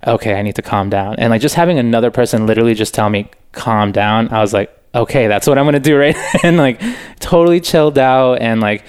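A young man talking as a guest in a relaxed, earnest way, full of "like" and "you know" fillers. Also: mid-range voice, quick pace, hardly any pauses, clear, resonant tone. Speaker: podcast guest, author. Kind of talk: casual interview chat.

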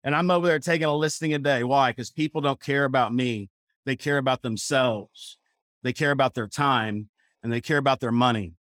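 A man's voice: mid-range voice, a little fast, a bit bright, no room sound, studio quality. A man from Missouri coaching real estate agents at a seminar, emphatic and repetitive, often restarting his sentences. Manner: emphatic, repetitive, self-correcting. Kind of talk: seminar teaching. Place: seminar room.

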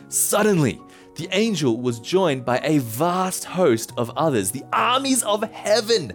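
A man's voice: a little high, sing-song, a little slow, soft background music. A man preaching a sermon as a pastor, telling the story in a casual, playful way.

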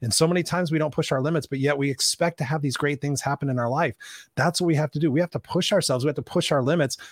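A man's voice: fairly high pitch, fast talker, slightly rough, no echo, studio quality. A man hosting a motivational interview as a life coach, talking emphatically and punchily and swearing freely.

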